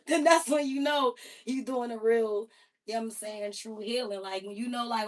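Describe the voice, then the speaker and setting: A woman's voice: medium pitch, fairly even intonation, moderate pace. A woman hosting a livestream, ranting casually in an emphatic, heavily profane way. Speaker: livestream host. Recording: voice a bit far from the mic.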